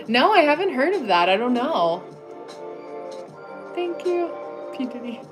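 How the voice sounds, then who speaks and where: An American woman hosts a casual livestream from her home desk, her voice sitting high. She chats loosely with viewers, using plenty of "like" fillers and laughing frequently.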